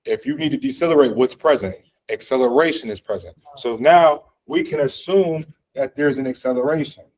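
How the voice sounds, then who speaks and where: A man's voice: medium pitch, fairly quick, darkish tone, rough recording. Casual male physics teacher quizzing class. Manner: conversational, lots of fillers, asks the class questions. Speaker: physics instructor. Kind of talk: classroom lecture. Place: classroom, also streamed online.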